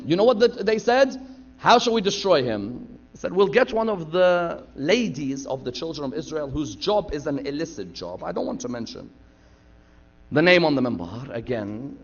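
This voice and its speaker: A man preaching a sermon from the pulpit, retelling stories dramatically and acting out the dialogue. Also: fairly high pitch. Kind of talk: sermon storytelling. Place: lecture hall pulpit. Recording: dull lo-fi sound.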